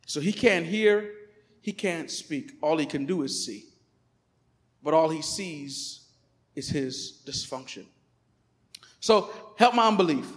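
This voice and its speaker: A man preaching a sermon as pastor in a church, emphatic, swinging between loud declarations and quiet asides. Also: on the high side, expressive, slow, pauses often, big-room sound. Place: church sanctuary.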